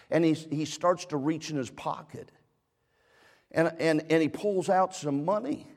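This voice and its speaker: Middle-aged male pastor, storytelling sermon, fervent, fairly high voice in a reverberant hall. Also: measured pace, a little mellow. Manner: storytelling, building to fervent preaching. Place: church sanctuary.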